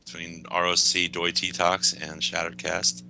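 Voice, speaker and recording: Male podcast host, lowish, very bright voice, crude joking chat. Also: flat delivery, unhurried, vocal fry, slight background noise. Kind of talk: casual chat.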